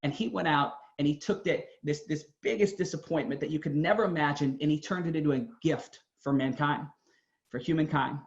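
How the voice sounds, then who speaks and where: A man's voice: fairly high pitch, a little fast, reverberant. A man giving an earnest, emphatic motivational talk, telling his own story. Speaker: motivational speaker. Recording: dull lo-fi sound.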